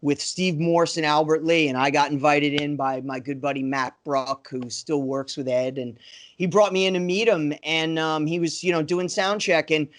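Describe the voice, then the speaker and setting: High-voiced man telling rambling stories. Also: fairly even intonation, moderate pace. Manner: enthusiastic, rambling anecdotes with lots of "you know". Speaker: guest musician. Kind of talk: casual podcast storytelling.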